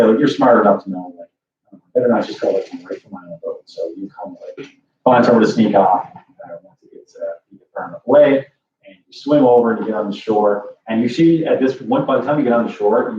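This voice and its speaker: A man's voice: on the low side, mellow. A man running a tabletop game as dungeon master, narrating casually with lots of fillers. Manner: rambling, many fillers and "like". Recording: distant echoey lo-fi room mic with faint hiss.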